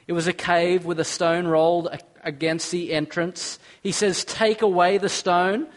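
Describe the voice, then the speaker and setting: Guy preaching, earnest, asks the crowd questions, voice sits a bit high. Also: little pitch movement, unhurried. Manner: earnest, asks the listeners questions, reads scripture aloud. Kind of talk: sermon.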